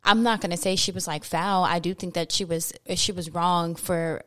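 Give me a woman with a fairly low voice speaking in a measured way on a podcast. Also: steady tone, a bit bright. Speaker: podcast co-host. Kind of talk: casual chat.

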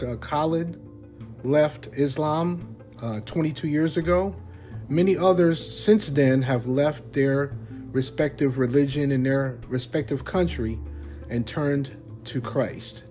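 A man hosting a Christian podcast, speaking in a measured, earnest way with occasional fillers and asides. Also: medium pitch, darkish tone. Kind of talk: scripted-sounding podcast talk.

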